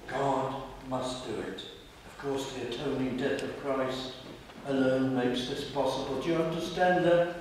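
A man's voice: mid-range voice, slow pace, a little hiss or hum. A man preaching a fervent sermon, rising into emphatic appeals to his listeners. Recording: echoey hall from far off.

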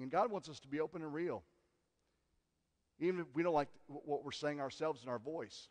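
A man preaching a sermon as pastor, earnest, moving from loud emphasis to hushed asides. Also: fairly high pitch, a little fast, pauses often. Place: church sanctuary. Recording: long church hall reverb.

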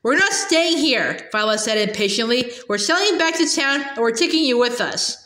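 Earnest eldest sister, urgent and impatient, bright high voice; woman narrator voices her; echoey room. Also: expressive, a little fast. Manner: pleading, impatient. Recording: roomy echo.

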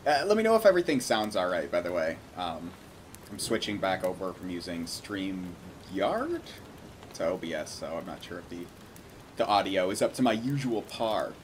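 A man's voice: low voice, big pitch swings, moderate pace, a little hiss or hum. A man hosting a casual livestream, greeting viewers by name and chatting loosely with some swearing. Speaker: livestream host.

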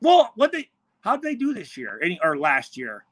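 Animated, profane ex-player telling stories. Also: male voice, high-pitched, normal speed, no echo. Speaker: former NFL player guest. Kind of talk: casual storytelling chat. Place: hotel room.

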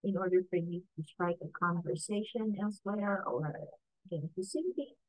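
A woman with a Filipino accent teaching an English lesson for learners, unhurried, often checking in with "okay?". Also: on the low side, no echo, low-quality recording. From Philippines. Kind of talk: ESL lesson.

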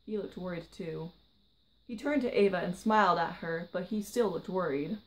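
A woman vlogger reading her own short story aloud, quiet and gentle. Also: lowish voice, moderate pace, rough recording.

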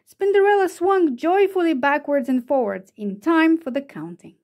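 A woman reading a children's picture book aloud, telling the story slowly and expressively. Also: high voice, animated, darkish tone. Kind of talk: children's read-aloud narration.

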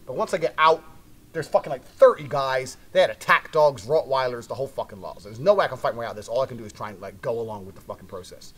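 A man's voice: medium pitch, fast, a bit bright. A man from Britain telling a brash, profane story with heavy emphasis.

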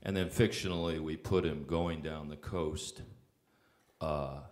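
A man's voice: rumbling low, steady tone, a little slow, a little mellow. A man, a songwriter, telling casual rambling stories on stage with frequent fillers and restarts. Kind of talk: casual anecdotal storytelling.

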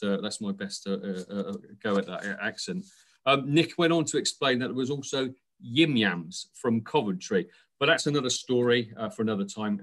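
A man's voice: fairly low pitch, fairly bright tone. A man, the incoming board chair, giving an earnest tribute speech in an online meeting, with frequent fillers.

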